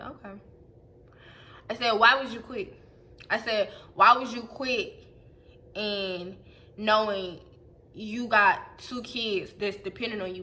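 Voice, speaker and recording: A woman telling a profane, animated storytime to her camera in a casual vlog. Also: medium pitch. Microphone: phone or webcam.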